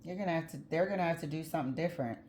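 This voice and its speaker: A woman's voice: sits low, very fast, a little mellow, a little hiss or hum. Blunt, chatty woman reading tarot. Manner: chatty, blunt, laughs easily, occasional swearing. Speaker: tarot reader.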